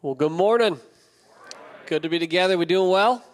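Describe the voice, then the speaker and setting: A young man preaching a sermon as a pastor, telling stories with playful, animated asides. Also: high voice, normal speed, faint music behind. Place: church auditorium. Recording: long church hall reverb.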